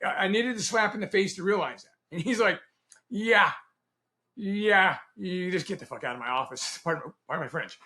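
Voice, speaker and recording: A middle-aged man, a Navy veteran guest, telling stories from his career in a casual interview, animated and laughing often as he acts out quoted dialogue. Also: high-pitched, moderate pace.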